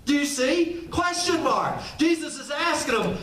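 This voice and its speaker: High-voiced man preaching in an echoey room. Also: expressive, a little slow, fairly bright tone, slight background noise. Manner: emphatic, repeats rhetorical questions. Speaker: pastor. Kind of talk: sermon. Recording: echoey room, mic at a distance.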